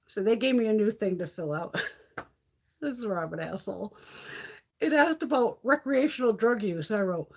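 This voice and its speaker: Husky, animated woman livestreaming. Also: fairly high pitch, normal speed, pauses often. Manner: profane, laughing storyteller. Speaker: beauty livestream host. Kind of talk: casual livestream chat. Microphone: phone.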